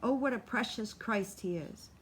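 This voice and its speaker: A woman's voice: on the high side, normal speed, slight background noise, lightly acted. A woman voicing an ecstatic young woman at a revival meeting, calling out in musical, trembling cries.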